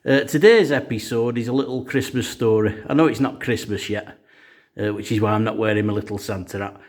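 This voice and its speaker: A man's voice: lowish voice, fairly even intonation, a little fast. Rambling man telling a story. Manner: rambling with frequent "uh" fillers. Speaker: storyteller host. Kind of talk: casual comic storytelling.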